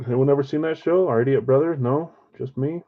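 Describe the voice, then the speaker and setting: Talking briskly in a mid-range voice, a live card break host keeps things chatty and self-mocking as he addresses his chat viewers. The lo-fi stream audio sounds slightly dull.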